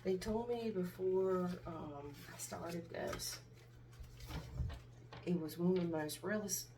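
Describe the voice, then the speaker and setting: A woman's voice: fairly low pitch, takes it slowly, mellow, recorded from a distance. Woman tarot reader, confrontational and preachy, a bit off-mic with light background noise. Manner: angry, confrontational, preachy, swearing. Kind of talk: tarot reading vlog.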